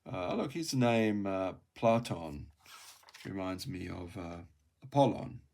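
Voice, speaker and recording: Low-voiced man, unhurried, self-correcting reader working through a textbook. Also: sing-song, creaky. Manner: slow, halting reading, repeating and correcting words; thinks aloud with soft asides. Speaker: language learner reading a textbook aloud. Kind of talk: casual read-through of a Greek textbook.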